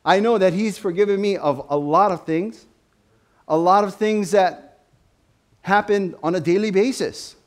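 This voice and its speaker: A man preaching a sermon to his church, with an animated style that rises to loud, emphatic questions. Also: sits high, unhurried. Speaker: pastor.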